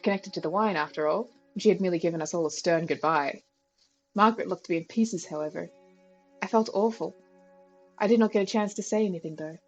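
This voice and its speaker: A woman streamer reads a visual novel aloud in a steady, first-person narrating voice at a mid pitch. She sometimes trips over a word and restarts it, with faint music running behind her. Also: poor audio. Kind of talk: reading a visual novel aloud with casual asides.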